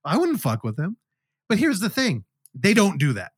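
A man's voice: high-pitched, huge pitch swings, moderate pace, slightly rough, no echo, clean studio sound. A man hosting a podcast, animatedly retelling a movie in casual chat and swearing freely. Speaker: podcast host. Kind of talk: casual film review chat.

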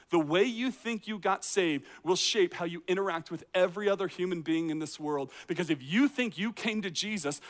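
A high-pitched man with a fairly bright tone preaches outdoors in a courtyard. As a teaching pastor, he keeps the sermon conversational, packed with rhetorical questions and dramatized reactions.

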